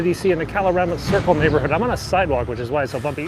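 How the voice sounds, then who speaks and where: A man's voice: on the high side, very fast, hardly any pauses. A man streaming live as he bikes along city streets, chatting with his viewers and thinking aloud as he goes. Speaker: livestreaming vlogger. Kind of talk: live-streamed tour while biking. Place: outdoors on a city street while riding a bike. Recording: outdoor phone stream with loud street noise. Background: street ambience and traffic.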